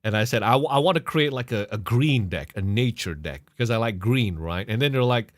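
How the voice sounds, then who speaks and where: A man co-hosting a podcast, telling a story in a casual, profane, animated way and laughing often. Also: medium pitch, fairly quick, no room sound, clean studio sound. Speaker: podcast co-host.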